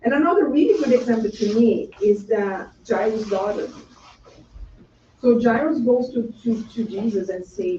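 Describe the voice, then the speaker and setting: A spiritual lecturer giving a public talk in a casual, conversational way, often checking in with the audience with a quick "right?". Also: mid-range voice, dark tone. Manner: conversational, peppered with rhetorical "right?" and asides. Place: lecture room. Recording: roomy, distant, dull-sounding room recording with faint background noise.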